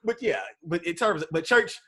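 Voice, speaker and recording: A man's voice: sits high, moderate pace. A man from East Texas in his thirties, a podcast guest telling stories in casual conversation and acting out the voices he quotes. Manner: animated storyteller, acts out quotes.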